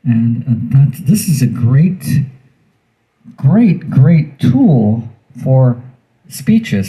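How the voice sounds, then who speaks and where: Speaking slowly but very animatedly in a mid-range voice with a dark tone, a man hosts a casual how-to demonstration of audio gear tips. He talks in a folksy, rambling way, repeating words, into a wired handheld mic run through a mixer, and the recording is low quality.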